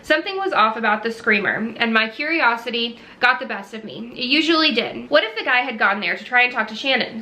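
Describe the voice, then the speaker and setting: A woman reads a cozy mystery novel aloud in a first-person voice. Her tone is bright and sits a little high. She stumbles now and then and simply restarts the phrase. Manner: reads with small slips and restarts. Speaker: reader.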